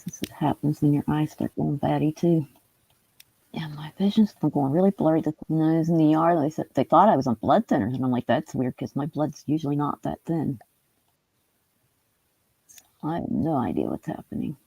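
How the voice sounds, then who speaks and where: A woman chats quietly on a livestream as she does a puzzle, her voice gravelly with a dark, husky tone. She sounds low-key and subdued, and the sound is dry and close. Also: lively intonation, moderate pace, no echo, rough recording. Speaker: streamer. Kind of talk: casual livestream chat while doing a puzzle.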